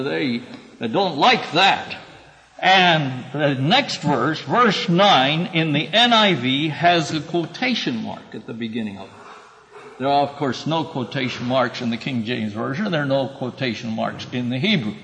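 A man's voice: medium pitch, gravelly, a bit bright, in a large hall, rough recording. A man teaching a Bible class, explaining scripture verse by verse and calling on students by name. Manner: earnest, emphatic when quoting scripture.

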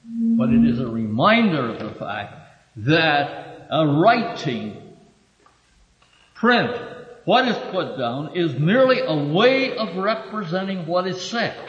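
A man giving a sermon-style Bible lesson, halting with many filler pauses and lifting his voice to read verses. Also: a little high, a bit bright. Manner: reads verses aloud with raised emphasis. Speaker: preacher teaching from scripture. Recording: dull echoey recording from a hall.

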